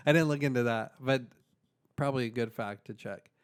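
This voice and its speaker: A man with a mid-pitched voice chats in a loose, easygoing way on a podcast. His talk is peppered with slang like dude and dog. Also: brisk, clear, resonant tone. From United States. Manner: laid-back slang, keeps saying dude and dog. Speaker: podcast co-host. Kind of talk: casual banter.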